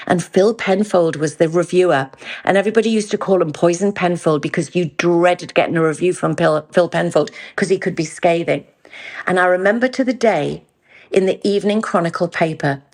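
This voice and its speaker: A middle-aged woman with a Geordie accent, hosting her own podcast. She tells candid, animated anecdotes and acts out the quotes in them. Her voice sits slightly low for a woman. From Newcastle, England. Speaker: podcast host. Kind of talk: candid storytelling chat.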